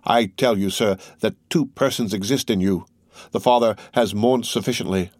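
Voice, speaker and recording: A man's voice: fairly low pitch, moderate pace, a little mellow, no echo, clean studio sound, close to an everyday voice. A man reading the part of a grief-stricken young man who pleads and swears vengeance. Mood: accusing. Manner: impassioned, pleading.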